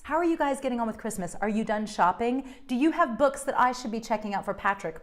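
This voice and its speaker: A woman's voice: fairly high pitch, expressive, quick pace, hardly any pauses. A woman vlogger in her thirties, chatting to viewers at home in a gushing, effusive way. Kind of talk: casual chat to camera.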